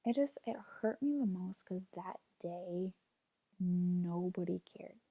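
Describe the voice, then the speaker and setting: A woman's voice: on the low side, animated, slow, warm tone, husky, no echo. A young woman in her twenties telling a personal story in a vlog, rambling with lots of "like" and near tears. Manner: rambling, fills speech with "like", retells quotes. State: near tears, holding back crying. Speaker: vlogger.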